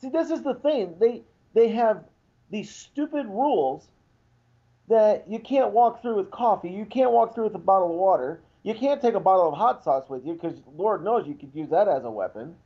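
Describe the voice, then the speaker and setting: Indignant high-voiced man ranting on radio. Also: expressive, moderate pace, lo-fi sound. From Irish heritage. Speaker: radio show co-host. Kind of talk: casual radio banter.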